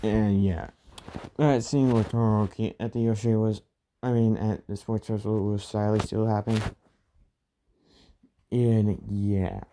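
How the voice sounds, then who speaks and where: Slow, dark-voiced man rambling through a story. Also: lowish voice, fairly even intonation, a little hiss or hum. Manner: rambling, full of "and, yeah" fillers and restarts. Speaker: fan fiction storyteller. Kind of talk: casual story retelling.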